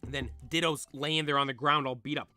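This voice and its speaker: A man's voice: medium pitch, fairly even intonation, a little fast, pushed and bright, dry recording, soft background music. A man casually reading a comic aloud, chatty and loose, adding his own commentary as he goes. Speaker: comic reader. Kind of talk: casual comic read-along.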